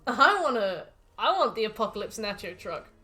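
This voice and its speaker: English woman streamer, lively and swearing. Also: mid-range voice, normal speed. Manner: swearing, reads out ingredients, jokey rants. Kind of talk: casual gameplay commentary.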